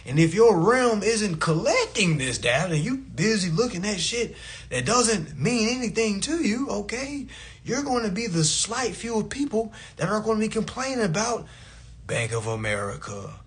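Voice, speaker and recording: A livestream host with a high male voice rants loosely and casually, sounding bright, forward, animated and brisk. He's blunt and profane, swearing freely and mocking anyone who disagrees with him.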